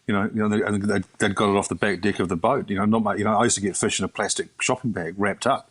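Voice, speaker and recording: Fast-talking New man, rambling. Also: fairly low pitch, steady tone, a bit bright, husky. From New Zealand. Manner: rambling, many fillers and restarts. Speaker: chef turned fishmonger. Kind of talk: conversational interview answer.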